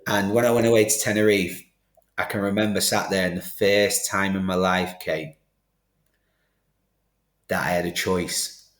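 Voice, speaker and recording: A man's voice: low voice, measured pace, long pauses. A middle-aged man, a podcast guest, telling his life story candidly and acting out the conversations he recalls. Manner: animated, acts out quoted exchanges. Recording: roomy studio echo.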